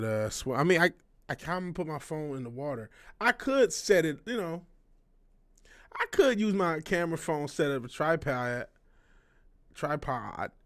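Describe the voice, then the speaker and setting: A man in his thirties hosts a casual livestream at an ordinary middle pitch. He rambles and speaks frankly, swears often and doubles back on his sentences. The sound is dry and close, with no room around it.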